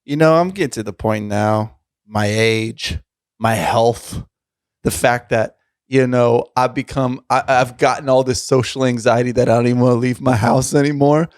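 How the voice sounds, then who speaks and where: A man's voice: mid-range voice, steady tone, clear, resonant tone, no room sound. Male podcast co-host, self-deprecating banter, dry close recording. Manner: wry, self-deprecating, quick to laugh. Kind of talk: casual chat.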